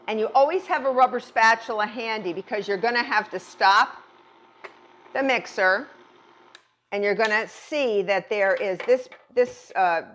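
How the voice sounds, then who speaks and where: A middle-aged woman chef demonstrates a recipe in a chatty, reassuring way. She keeps telling viewers not to worry and repeats words for emphasis. Her voice sits in a middle pitch, with a faint hum of noise in the background. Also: a bit bright. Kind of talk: cooking demonstration.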